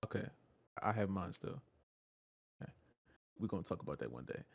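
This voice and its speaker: A man's voice: deep voice, expressive, brisk, gravelly, no room sound, studio quality. Laid-back man co-hosting a wrestling podcast. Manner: laid-back, joking, swears freely. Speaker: podcast co-host. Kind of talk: casual chat.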